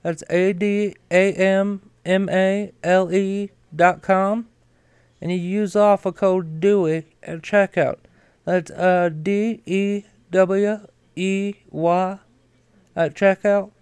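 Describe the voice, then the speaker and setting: A man's voice: high-pitched, steady tone, slow, a little mellow, clean tone, dry recording. A man doing an impression of an older Southern male ex-president, with a put-on Southern US accent and a folksy, drawling manner. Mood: pitchman.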